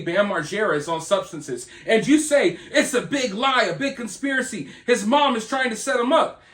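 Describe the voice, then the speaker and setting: A man's voice: high-pitched, a bit bright. A man hosting a commentary video, ranting in a sarcastic, mocking way. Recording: roomy echo.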